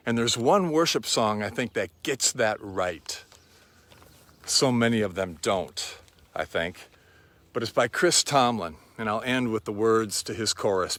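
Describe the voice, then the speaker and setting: A man preaching a sermon in a slow, reflective and quietly earnest way. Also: mid-range voice, dry recording.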